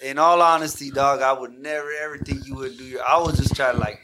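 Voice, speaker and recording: A man's voice: medium pitch, steady tone, fast talker. A man in casual banter with friends, defending himself. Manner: defensive, protesting. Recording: crowd noise behind.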